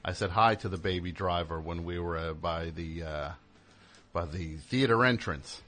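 A man's voice: deep voice, moderate pace, a bit bright. A man hosting a radio show, rambling and joking, interrupting himself as he talks into a studio mic. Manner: rambling, jokey, self-interrupting. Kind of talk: casual radio monologue.

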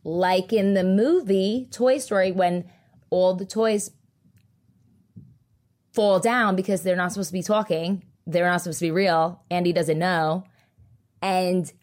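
A young woman hosting a casual solo podcast, telling stories in a chatty, animated way and swearing freely. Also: on the low side, unhurried, long pauses. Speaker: podcast host.

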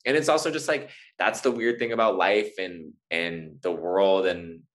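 A man's voice: low-pitched, moderate pace. A man who is an actor, a guest on a podcast, chatting casually and rambling with many fillers and restarts. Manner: rambling, hesitant, lots of fillers. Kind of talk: casual chat.

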